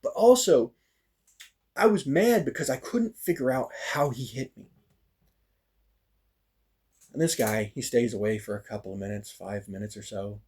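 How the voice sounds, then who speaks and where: Man, husky mid-pitched voice, casual animated storyteller who acts out dialogue. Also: moderate pace, pauses often. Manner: animated, acts out quoted lines, frequent fillers. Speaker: storyteller recounting a fighting practice.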